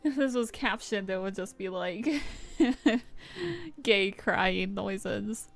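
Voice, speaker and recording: Slow, giggly woman streamer. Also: mid-range voice, gravelly. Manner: gushing, giggly, emotional. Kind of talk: casual live-stream game commentary. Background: game music.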